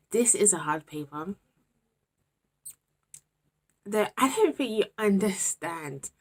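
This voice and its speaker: A young woman in her twenties with a British accent talks straight to the camera in a candid vlog. Her voice sits on the low side, and she rambles, sighs and talks to herself in an exasperated way. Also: animated, takes it slowly, long pauses, slightly rough. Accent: British English. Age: 20s. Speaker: university student vlogger.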